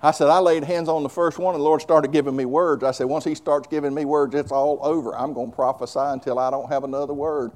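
A man's voice: fairly high pitch, fairly even intonation, fast, few pauses, darkish tone. A male preacher delivering a fervent sermon, moving between conversational asides and hollered declarations.

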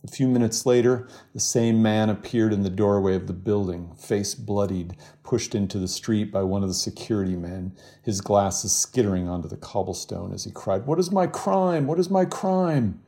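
A man, a novelist, reading from his novel in a steady, measured voice and then chatting in an interview. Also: on the low side, gravelly. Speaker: novelist guest.

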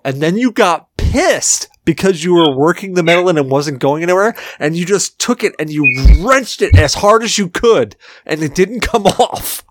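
A man's voice: sits high, normal speed, no room sound, studio quality. A man co-hosting a podcast, telling a story with lots of swearing and laughter, sounding drunk. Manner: profane, laughing, animated storyteller. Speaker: podcast co-host. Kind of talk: casual chat, storytelling.

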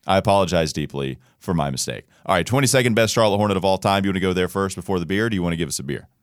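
A low-pitched man talks sports with a very lively, swooping delivery, joking and poking fun at himself. The studio sound is dry and close, with no room echo. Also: rapid-fire, smooth. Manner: animated, jokey, self-deprecating. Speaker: podcast co-host. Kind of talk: casual sports podcast chat.

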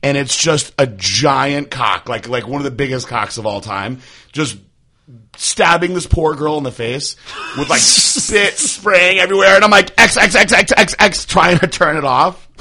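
A man with a bright, forceful voice tells a crude, rambling story on a casual show. He talks loosely and gets more animated as the tale builds. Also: fairly high pitch, unhurried. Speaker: podcast host.

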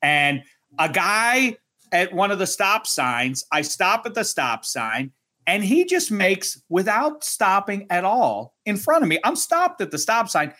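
Bright, animated male sports talk host. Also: high voice, measured pace. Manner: animated, self-mocking storyteller. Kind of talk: sports radio banter.

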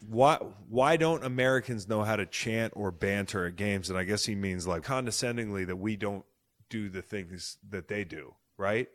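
A man in his thirties hosting a casual sports podcast, excitable and loud, swearing freely as he talks. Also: fairly low pitch, normal speed. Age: 30s. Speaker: podcast host.

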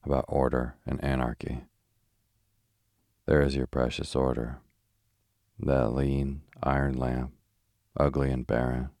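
A defiant, fervent anarchist poet, voiced by a man reading a sleep story. His voice sits very low and barely rises or falls. The recording is dry and close. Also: level tone, a little slow, long pauses, a little mellow, dry recording. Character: intense fiery-haired male anarchist poet.

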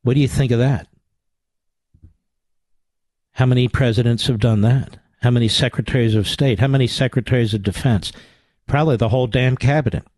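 A man's voice: medium pitch, steady tone, brisk, long pauses, a little mellow, dry recording. A man hosting a talk radio show, delivering a combative, sarcastic monologue.

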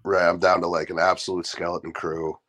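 Stuffed-up man with a very low voice. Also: flat delivery, a bit bright. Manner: laid-back, profane, halting. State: stuffed-up nose. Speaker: podcast co-host. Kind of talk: casual sports chat.

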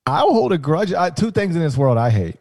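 A man co-hosting a sports podcast, telling stories with animated, joking energy. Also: a little high, a little fast. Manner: animated, jokey storytelling with restarts. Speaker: podcast co-host, sports analyst. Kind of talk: casual podcast banter.

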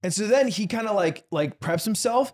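A man's voice: high voice, animated, moderate pace. A young man co-hosting a podcast, casually telling a story and laughing often. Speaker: podcast co-host. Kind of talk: casual chat.

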